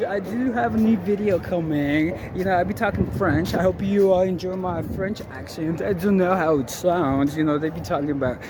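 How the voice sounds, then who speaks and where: A man's voice: high voice, normal speed, hardly any pauses. Chatty man vlogging over street noise. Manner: rambling, chatty, talks to viewers while strolling. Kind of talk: casual walking vlog. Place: outdoors on city streets. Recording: loud street and traffic noise.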